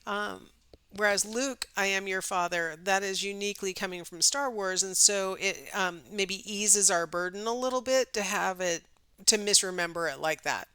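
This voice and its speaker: A woman's voice: mid-range voice, moderate pace, sharp tone, smooth, no room sound. A middle-aged woman teaching a recorded psychology lecture in a chatty way, with many ums and rhetorical questions. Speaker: psychology instructor.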